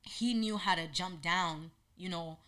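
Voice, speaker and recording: A woman hosting a podcast, telling a personal story in an animated way and acting out what people said. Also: lowish voice, measured pace. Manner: animated, acts out quotes in lively voices. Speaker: podcast host.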